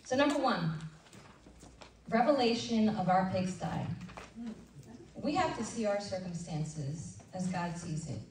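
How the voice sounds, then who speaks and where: A woman leading a women's ministry breakfast, preaching in a conversational, animated way and acting out little asides. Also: mid-range voice, unhurried, pauses often. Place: church event room. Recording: roomy hall sound from a distant mic with faint noise.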